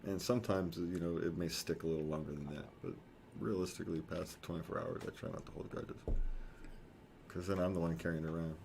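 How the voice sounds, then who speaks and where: A man's voice: low voice, steady tone, fairly quick, gravelly, a little mellow, a little hiss or hum. A man co-hosting a casual talk show, rambling and correcting himself, chuckling often. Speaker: podcast co-host. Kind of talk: casual chat.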